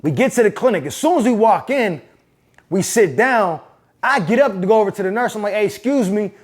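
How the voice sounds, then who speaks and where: A man hosting his own channel, telling a personal story in a casual, profane, animated way. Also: sits high, brisk. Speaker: host. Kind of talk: storytelling monologue.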